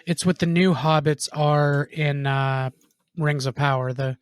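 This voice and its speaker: A man co-hosting a casual podcast, chatty and quick to question the plot. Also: fairly high pitch, fairly even intonation, clear, resonant tone, no room sound. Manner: chatty, puts on silly voices. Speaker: podcast co-host. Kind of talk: casual chat.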